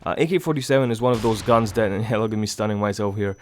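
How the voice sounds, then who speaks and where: A young man with a stuffy nose from a cold, giving rambling, casual gameplay commentary in a hushed low voice so he won't wake anyone at home. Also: rapid-fire, slight background noise. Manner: hushed low voice to avoid waking others; rambling, many fillers, swears casually. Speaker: gaming channel host. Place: home, early morning.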